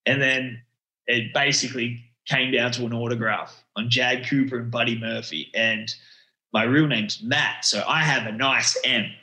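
Aussie guy in his 30s rambling thru an interview story, bright voice, echoey room. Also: mid-range voice, steady tone, unhurried. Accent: Australian. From Australia. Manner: rambling storyteller, slangy, many restarts. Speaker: guest. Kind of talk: casual interview chat.

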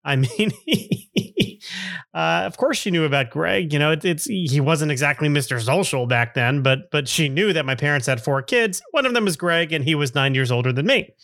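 A man's voice: fairly high pitch, expressive, moderate pace, vocal fry, fairly bright tone, no room sound, studio quality. A man in his fifties hosting a podcast, telling a personal story in a rambling way with chuckling asides. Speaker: podcast host.

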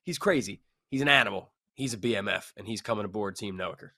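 Male co-host, lowish voice, excitable, punches up the big lines. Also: fast. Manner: excitable, builds up to loud punchlines. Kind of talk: casual sports radio banter.

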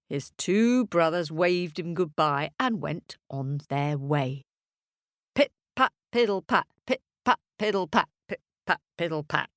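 Animated storyteller for kids, playful, unhurried, wide swoops in pitch. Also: female voice, no echo, studio quality. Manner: animated, playful, makes sound effects. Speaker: children's storyteller. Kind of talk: storytelling for children.

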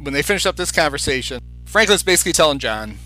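A man co-hosting a casual podcast, his voice bright and forward, with a middle pitch. He chats easily and retells scenes in detail. Faint music sits behind him. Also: lively intonation, fast talker, low-quality recording. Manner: chatty, recounting scenes with acted quotes. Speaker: podcast co-host.

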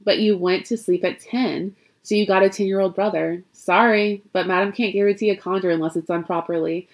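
A woman playing a calm old conjure woman. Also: medium pitch, brisk, close to an everyday voice. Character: patient older conjure woman, gardener.

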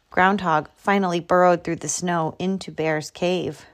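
A woman reading a children's picture book aloud, slow and expressive. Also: on the low side. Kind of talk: storybook read-aloud.

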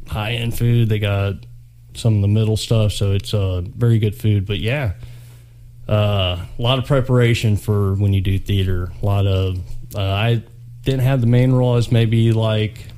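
A man A laid-back podcast guest whose voice sits a little low, wandering through his stories in casual chat. Faint background noise sits under the talk. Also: fairly even intonation, normal speed, mellow. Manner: easygoing, rambling storyteller.

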